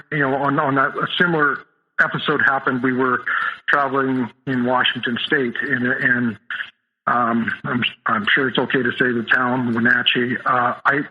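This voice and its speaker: Middle-aged male guest recounting his past, halting with constant restarts, heard over a tinny phone line. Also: medium pitch. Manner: halting, full of restarts and fillers. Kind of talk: telling a personal story in an interview.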